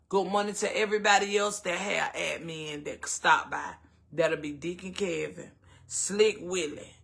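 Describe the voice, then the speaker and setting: Effusive high, bright-voiced Southern man. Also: vocal fry. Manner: effusive, calls everyone baby, breaks into whoops and shouts. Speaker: live stream host. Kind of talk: morning live-stream shout-outs.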